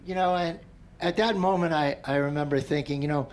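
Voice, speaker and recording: A middle-aged man teaching a meditation class, telling a personal story in a relaxed, conversational way and often clearing his throat. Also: a little high, brisk. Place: large tent at an outdoor gathering.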